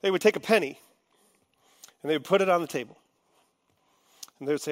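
High-voiced impassioned preacher man. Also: fairly quick, long pauses. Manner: heartfelt, swings from quiet confiding to loud impassioned venting. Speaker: pastor. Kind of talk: sermon.

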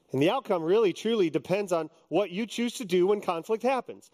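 A man's voice: high voice, fairly quick, hardly any pauses, a little mellow, long reverb tail. A man in his fifties, a pastor preaching a sermon in a joking, conversational way. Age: 50s.

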